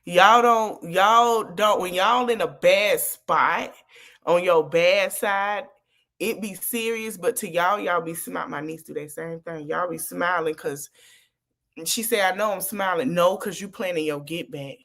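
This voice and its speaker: A woman's voice: lowish voice, unhurried, fairly bright tone. A woman podcast host, giving blunt commentary on a clip and talking straight to her viewers. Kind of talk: reaction commentary.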